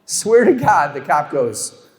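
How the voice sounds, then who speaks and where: A middle-aged man tells self-mocking stories in a stand-up set, his pitch swinging widely as he works the crowd. The sound carries a long reverb, echoing through a large room from a stage mic. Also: slow pace. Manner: animated storytelling, self-mocking punchlines. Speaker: stand-up comedian. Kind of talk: stand-up routine with crowd work. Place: comedy show stage before a live audience. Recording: echoey hall with long reverb.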